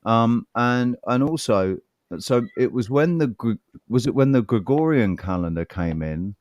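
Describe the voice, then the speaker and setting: A man's voice: mid-range voice, lively intonation, unhurried, a little mellow, no echo, highs cut off. A man co-hosting a podcast in casual chat, rambling, repeating words and swearing freely. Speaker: podcast co-host.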